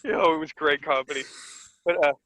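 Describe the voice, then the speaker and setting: A man co-hosting a casual podcast, retelling a comic chapter in an animated way and laughing often. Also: on the high side, moderate pace, dry recording, poor audio. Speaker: podcast co-host.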